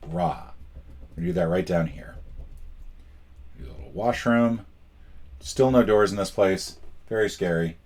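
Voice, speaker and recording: A man's voice: sits low, animated, a little slow, pauses often, a little mellow. A man playing a solo board game and commenting as he goes, wry and self-mocking, thinking aloud and counting out spaces. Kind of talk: casual playthrough commentary.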